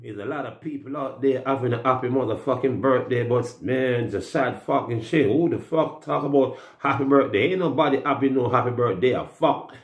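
A man with a Jamaican accent on a loud, mocking, profanity-filled rambling rant. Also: medium pitch, a little fast, hardly any pauses, faint music behind. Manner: loud, cursing, mocking, laughing. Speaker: music artist. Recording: roomy echo.

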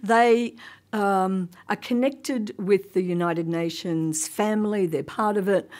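A woman's voice: mid-range voice, slow, a little mellow. A woman giving a chatty conference talk, with many ums and frequent laughs. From Australia. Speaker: conference panel speaker. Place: conference hall.

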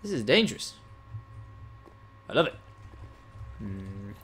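A man's voice: fairly low pitch, very animated, takes it slowly, fairly bright tone, slight background noise. A young man hosting a gaming channel, chatting casually and teasingly while he plays, now and then frustrated. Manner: playful, teasing, swings between chatty and frustrated. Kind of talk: casual gameplay commentary.

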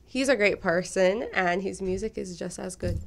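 A woman's voice: medium pitch, moderate pace, creaky, faint music behind. A young woman from Jamaica, a pageant contestant, chatting on a radio show and laughing often. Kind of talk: radio guest chat. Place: radio studio.

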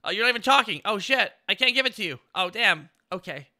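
A male streamer with an unusually high, piercingly bright voice that leaps up and down all over the place. He chats casually on a live stream and bursts into excitable, gushing thanks to his viewers. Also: fast talker.

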